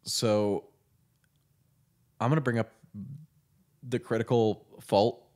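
A man's voice: on the low side, steady tone, darkish tone. A man co-hosting a film podcast, making joking, sarcastic remarks about the movie. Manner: joking, sarcastic, quick asides. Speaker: podcast co-host. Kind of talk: film commentary chat.

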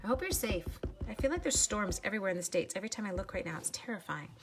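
A woman's voice: mid-range voice, very animated, very fast, soft background music. A woman, hosting a casual live craft demo at home and chatting upbeat with viewers while she works. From Canada. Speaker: craft demonstrator.

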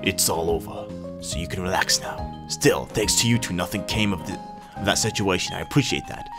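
A man voicing a stern older male professor in a game, reading in a low, subdued voice. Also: fairly quick. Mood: lecturing. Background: game music.

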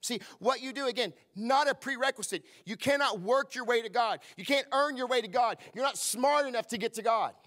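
Middle-aged pastor, fairly high voice, preaches with call-and-response and hushed asides. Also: male voice, a little fast, hardly any pauses. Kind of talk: sermon. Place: church service.

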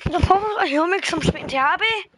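A woman chatting casually with friends while playing a game, teasing them and bursting into excited shouts. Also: extremely high pitch, racing. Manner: playful trash talk, bursts of excited shouting. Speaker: gamer streaming with friends. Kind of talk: casual gameplay chat. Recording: noisy background.

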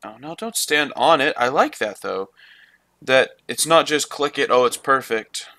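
Man, let's play commentary, swears a lot, talks to himself, sharp bright voice, dry sound. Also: mid-range voice, animated, a little slow, dry recording. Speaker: gamer.

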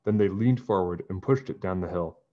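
A man reading a children's book aloud in a calm, even narrating voice. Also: low-pitched, a little fast. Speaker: storybook reader. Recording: dull lo-fi recording.

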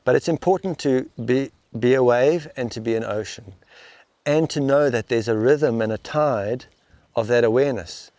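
A man being interviewed as a spiritual teacher. He speaks reflectively and haltingly, restarting and repeating words as he works through his thoughts. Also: mid-range voice, a little mellow, no echo. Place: outdoors in the rain.

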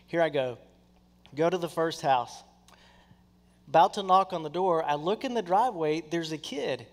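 A man with a fairly high voice preaches a sermon in a large church hall, and the sound rings with a long reverb. He tells his story with energy and acts out each person in it. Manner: animated, acts out quoted people in his stories. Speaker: pastor.

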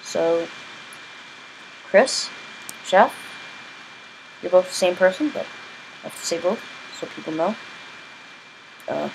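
A man's voice: sits high, slow, gravelly, long pauses. Male gaming host, casual commentary, rambling, exasperated outbursts, noisy recording with clicks. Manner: rambling, chatty, bursts of exasperated yelling. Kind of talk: casual video game commentary.

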